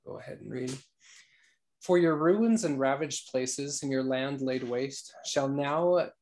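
A man leading an online scripture study group, talking in a relaxed, halting way with fillers and reading passages aloud. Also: mid-range voice, creaky.

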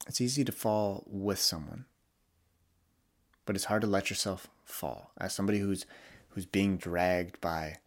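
In this solo podcast, a young male host speaks candidly and reflectively about his feelings, often restarting his sentences. His voice sits low and his delivery is a little slow.

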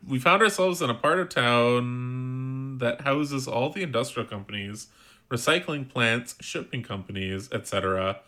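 Casual male podcast co-host, bright tone, relaxed and chatty, reads listener mail. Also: medium pitch. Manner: laid-back, chatty, swears casually. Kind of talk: casual chat, reading a listener letter.

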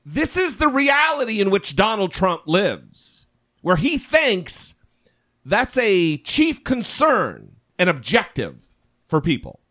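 High, animated sarcastic male podcaster. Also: slow pace. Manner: sarcastic, profane ranting. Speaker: podcast co-host. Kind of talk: casual political chat.

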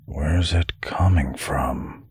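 A man voicing a wary, irritable young man who talks low and hushed in an audiobook. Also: takes it slowly, vocal fry, breathy edge, no echo, studio quality, heavily acted. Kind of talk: audiobook character voice.

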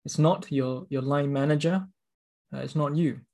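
A man's voice: on the high side, normal speed, a little mellow. A man preaching a sermon, reading scripture and explaining it in an earnest, emphatic way with repeated words.

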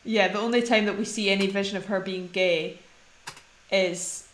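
A woman's voice: medium pitch, steady tone, normal speed. Chatty woman in an echoey room. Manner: chatty, rambling, laughs often. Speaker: podcast co-host. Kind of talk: casual film chat.

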